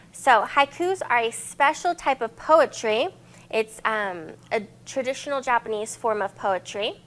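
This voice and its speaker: A woman's voice: fairly high pitch, fairly bright tone. A young woman librarian leading a cheerful, encouraging children's lesson on poetry and syllables.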